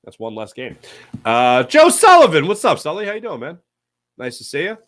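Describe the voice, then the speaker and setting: A man hosts a loose sports talk stream, working through viewer comments with rambling, jokey asides and quick self-corrections. His voice sits a little higher than most men's. The sound is dry and close, with no room around it. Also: sing-song, a bit bright, no echo. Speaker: sports talk show host. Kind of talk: casual live-stream chat reading viewer comments.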